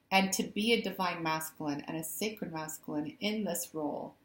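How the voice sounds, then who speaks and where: Woman tarot reader, low voice, casual and warm to camera, echoey room. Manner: laughs easily, says "um", direct address. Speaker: spiritual coach giving a tarot reading. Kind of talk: casual spiritual reading to camera.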